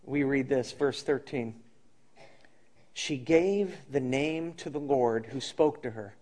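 A man preaching a sermon, telling stories earnestly and often dropping to a soft, intimate tone. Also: mid-range voice, slow. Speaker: pastor.

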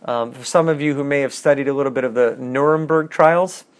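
A man's voice: mid-range voice, fairly quick, slight background noise. A man teaching a casual bible class, reading scripture aloud and adding wry, chatty asides.

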